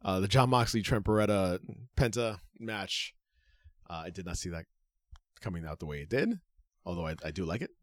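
A man's voice: low-pitched, animated, normal speed, pauses often, dry recording, clean studio sound. A man co-hosting a podcast in casual chat, rambling through his points with many "uh" fillers and some swearing. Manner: rambling, full of "uh" fillers, profane. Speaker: podcast co-host.

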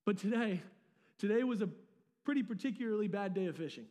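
A man's voice: sits high, expressive, quick pace, warm tone. A pastor preaching a sermon in a casual, conversational way, with slangy asides and words he often repeats. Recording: long reverb of a large hall.

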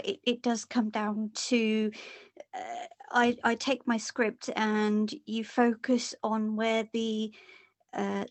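A woman actress speaks earnestly in an interview, with a voice pitched a little high. Her sentences start with small stumbles before she finds her way. The recording is dry and close, with no room sound. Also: dry recording. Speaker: stage actress. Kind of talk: interview answers.

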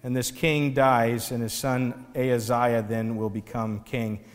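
A man giving a sermon in an animated, conversational storytelling way. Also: mid-range voice, unhurried, in a large hall. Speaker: pastor.

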